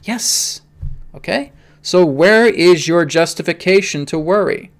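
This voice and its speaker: Emphatic gravelly-voiced man hosting a livestream. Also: fairly high pitch, measured pace. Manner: emphatic, repeats "okay?" often. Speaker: spiritual reader and host. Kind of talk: live stream talk and Q&A.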